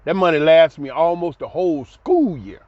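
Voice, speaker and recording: A man's voice: fairly high pitch, animated, normal speed, no room sound. A middle-aged man telling his own life story in a colloquial, exclamatory way, laughing often. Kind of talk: animated personal storytelling. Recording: dull lo-fi dry recording.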